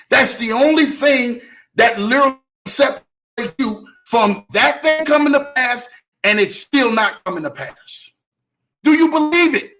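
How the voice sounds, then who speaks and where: A man preaches about faith and wealth in a motivational talk. His voice sits very high for a man and sounds bright and forceful. He keeps repeating lines and shouts often. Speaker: host.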